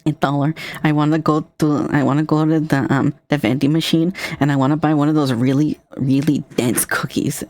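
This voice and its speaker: A woman's voice: sits low, steady tone, a little fast, hardly any pauses, a little mellow. Rambling, joking woman on stream. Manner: rambling, joking, swearing freely. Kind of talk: casual stream chat.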